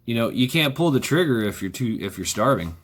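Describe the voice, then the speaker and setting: A man's voice: medium pitch, sing-song, fairly quick, fairly bright tone, breathy edge. A man vlogging in a sarcastic ranting monologue, repeating himself, swearing freely and firing off rhetorical questions.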